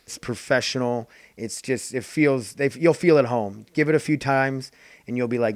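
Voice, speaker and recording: A man's voice: mid-range voice, moderate pace, no room sound. A man hosting his own podcast, rambling in an offhand, casual way and swearing freely. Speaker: podcast host. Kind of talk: casual solo podcast chat.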